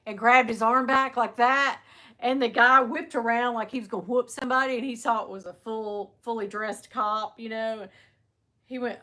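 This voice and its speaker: A middle-aged woman hosting a livestream, chatting casually and telling lively stories, laughing often and mimicking the people she talks about. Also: on the high side, brisk. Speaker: livestream host. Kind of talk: casual chat to viewers.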